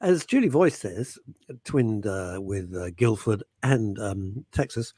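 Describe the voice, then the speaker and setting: Lively theatrical male talk show host. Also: lowish voice, takes it slowly, husky, no room sound. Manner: theatrical, bantering, teasing.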